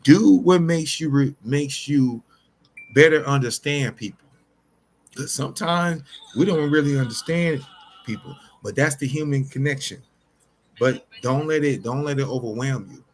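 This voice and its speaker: A man of medium pitch gives an unscripted motivational talk straight to his viewers, calling them y'all. He is earnest and repeats himself, often breaking off and restarting sentences. Faint ambient noise sits behind his voice. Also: measured pace. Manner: earnest, repetitive, many restarts; addresses listeners directly as y'all. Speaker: motivational vlogger.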